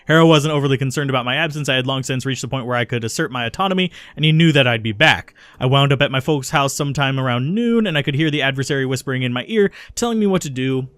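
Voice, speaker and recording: A remorseful young woman haunted by her time in a cult tells her confession slowly and steadily, as a man reads her game dialogue aloud. The voice sits at a middle pitch and moves along briskly, recorded dry and close with no room sound. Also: dry recording, close to an everyday voice. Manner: steady confessional reading with small slips. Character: remorseful young woman, former cultist turned runner.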